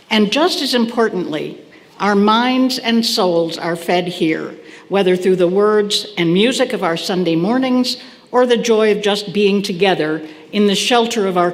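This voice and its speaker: A woman's voice: medium pitch, a little slow. Woman making church announcements in a hall. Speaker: congregation volunteer making announcements. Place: church sanctuary. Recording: long hall reverb with faint ambience.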